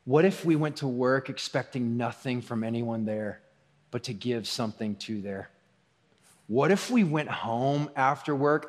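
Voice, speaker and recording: At a measured pace and medium pitch, a man preaches as pastor, keeping things conversational while swinging from soft asides to stronger emphasis. The recording has a long hall reverb.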